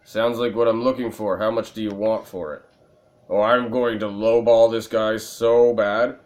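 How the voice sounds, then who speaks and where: The man's voice is lowish, steady, and a little mellow, and he takes his time. A gaming video creator, he offers let's-play commentary while playing slightly tipsy, rambling, joking at his own expense, and laughing at his jokes.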